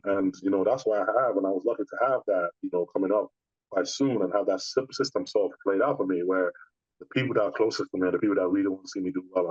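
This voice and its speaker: Man, fast speech, lowish voice, animated storytelling, dry dull recording. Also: breathy edge, no echo. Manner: animated storytelling, many restarts. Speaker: bodybuilder guest. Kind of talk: casual interview.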